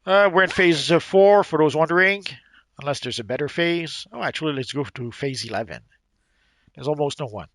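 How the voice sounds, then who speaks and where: Man, livestream host, halting, fillers, lively pitch, dry sound. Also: dry recording. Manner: halting, repeats words, many fillers. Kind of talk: casual gaming livestream chat.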